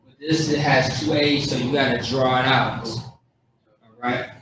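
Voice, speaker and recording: A man's voice: medium pitch, fairly even intonation, a little slow, a crowd in the background. A man teaching pronunciation in a coaching, repetitive way, drawing out sounds. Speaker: street teacher. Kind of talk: outdoor pronunciation lesson. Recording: echoey, from far off.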